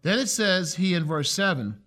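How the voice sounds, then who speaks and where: A man's voice: sits high, expressive, moderate pace, pushed and bright. A man teaching verse by verse through a Bible passage in an earnest, emphatic way. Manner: earnest, emphatic with shifts in pace. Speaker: preacher.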